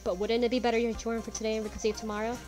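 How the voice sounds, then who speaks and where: A woman's voice: fairly high pitch, little pitch movement, very fast, music in the background, voice pushed down, lightly acted. A woman voicing a cautious, fussy elderly male judge in a courtroom game, speaking in a hesitant, formal way. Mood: stern.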